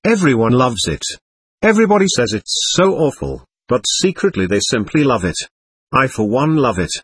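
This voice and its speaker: A man's voice: medium pitch, sing-song, normal speed, a bit bright, husky, no echo. A man reading as a feverish teenage girl. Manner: breathless, intense, darting between teasing and pleading. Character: excitable capricious teenage girl, feverish and provocative.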